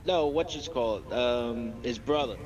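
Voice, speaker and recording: A man's voice: mid-range voice, unhurried. A man chatting on a casual stream, laughing often and chiming in with quips. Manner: laughs a lot, chimes in with quips. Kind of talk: casual watch-along banter. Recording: dull lo-fi sound.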